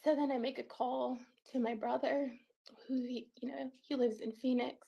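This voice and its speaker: A woman's voice: high voice, steady tone, normal speed, vocal fry, breathy edge, lo-fi sound. A woman guest on a call-in show, telling her own story in an earnest, tearful way. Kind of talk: emotional first-person account.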